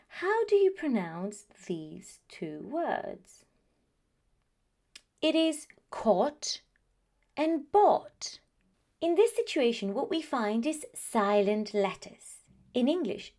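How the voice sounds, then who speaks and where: A middle-aged woman teaching English pronunciation, speaking clearly and deliberately as she repeats example words. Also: a little high, darkish tone. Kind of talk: scripted pronunciation lesson to camera.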